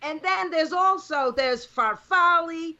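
A woman's voice: very high-pitched, slow, sharp tone, dull audio. A woman co-hosting a casual chat, blunt and emphatic as she explains things. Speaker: podcast co-host.

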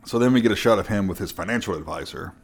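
Man, very low voice, casual movie podcast chat, relaxed storytelling. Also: very fast, gravelly, slightly rough. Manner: laid-back storyteller, chuckles often. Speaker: podcast co-host. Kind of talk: casual film recap chat.

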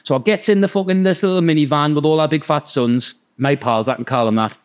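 A man with a thick Geordie accent tells stories at a rapid clip, in a fairly high voice. He swears freely, laughs often and does quick voices for the people in his tales. Casual podcast chat. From North East England. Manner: fast, sweary, laughing, acts out quoted voices. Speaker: podcast guest. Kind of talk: casual storytelling.

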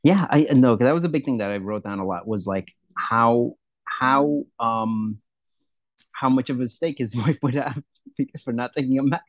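A man co-hosting a podcast in casual chat, rambling and swearing, with sudden excited loud bursts. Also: medium pitch, normal speed, no room sound, highs cut off. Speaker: podcast co-host.

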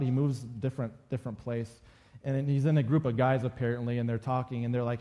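A man's voice: mid-range voice, level tone, fast, warm tone. A male pastor giving a conversational sermon and acting out quoted lines from the story.

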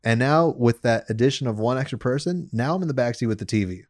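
A man's voice: medium pitch, fast, a little mellow, dry recording, clean studio sound. Laid-back swearing man telling a story. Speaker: podcast co-host. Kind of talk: casual podcast chat.

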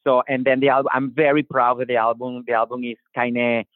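A man with a Latin American Spanish accent, talking about his music in an animated way, restarting his sentences and acting out quotes. His voice comes through a tinny, phone-like call line. The sound is dry, with no room around it. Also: mid-range voice, brisk, no room sound. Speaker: singer-songwriter guest. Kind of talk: casual interview talk.

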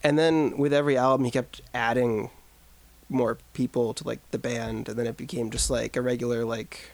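A man with a gravelly edge to his voice, talking loosely as a podcast co-host. He rambles and jokes with plenty of fillers, recorded close and dry with no room sound. His pitch sits mid-range. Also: flat delivery, normal speed, dry recording. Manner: rambling, filler-heavy, jokey. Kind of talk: casual chat.

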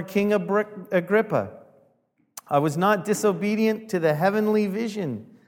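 A man preaching a sermon as pastor, lively and acting out the people he quotes with rising volume. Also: high-pitched, gravelly, long reverb tail. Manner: animated, acts out quoted voices with rising volume.

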